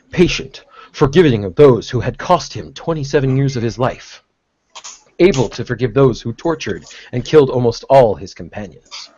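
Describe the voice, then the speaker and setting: A man's voice: mid-range voice, darkish tone, breathy edge, dry recording, lo-fi sound. A man reading an article aloud on a podcast, breaking off for sarcastic comments. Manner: sarcastic, stops to comment and laugh. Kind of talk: reading aloud with mocking asides.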